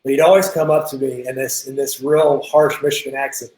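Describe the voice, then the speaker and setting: A young man telling a drumming story in a casual interview, animated and quick to act out what others said, over a video call. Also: mid-range voice. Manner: animated, lots of restarts, quotes people in acted voices. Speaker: guest drummer. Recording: roomy echo.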